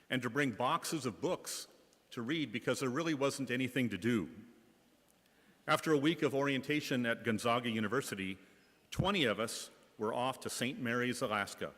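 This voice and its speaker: A man's voice: medium pitch, fairly bright tone. Man telling wry stories in a reverberant church. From Bay Area, California. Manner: wry, anecdotal, light comic timing. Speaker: school principal. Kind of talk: humorous storytelling reflection in church.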